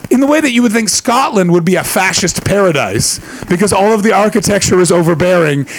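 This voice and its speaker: A man's voice: sits high, lively intonation, brisk, a little hiss or hum, low-quality recording. Profane rambling stand-up comedian man. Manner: teasing the audience. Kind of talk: stand-up set with crowd work. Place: live comedy venue before an audience.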